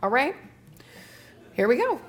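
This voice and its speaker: A woman's voice: high voice, big pitch swings, a little slow, fairly bright tone, soft background music. A woman speech therapist giving a conference lecture, explaining each slide step by step with frequent fillers.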